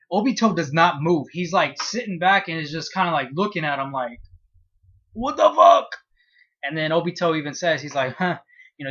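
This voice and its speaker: In a recording with the highs cut off, a high-pitched man reviews a manga chapter in a casual way. He curses freely and acts out his reactions while retelling the story.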